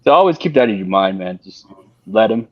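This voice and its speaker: Low-voiced guy on a panel chat, lots of ums and restarts, dull dry lo-fi audio. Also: lively intonation, no echo. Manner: halting, repeats words, many fillers. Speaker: panel guest. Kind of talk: casual panel discussion.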